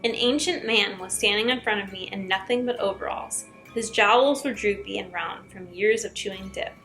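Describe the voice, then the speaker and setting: A woman's voice: mid-range voice, normal speed, a bit bright, faint music behind, low-quality recording. A young woman reading scary stories aloud as a YouTuber, breaking in with chatty asides.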